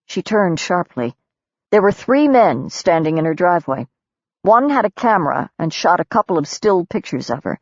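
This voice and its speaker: Low-voiced woman narrating an audiobook. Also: big pitch swings, moderate pace, no room sound, dull audio. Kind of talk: scripted narration.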